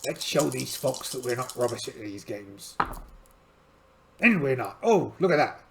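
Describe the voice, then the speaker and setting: A man's voice: medium pitch, sing-song, unhurried, creaky, crowd noise. A man playing a solo tabletop game aloud in a chatty, rambling, self-deprecating way. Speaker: solo game player and channel host.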